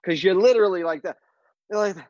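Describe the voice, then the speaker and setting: A man with a fairly high voice tells a story in loose podcast chat, jumping between the voices of himself and others. He laughs as he goes, and the sound is dry and slightly muffled. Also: fast talker, dry recording. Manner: animated, acts out both sides of a story, laughs often. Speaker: podcast co-host, comedian.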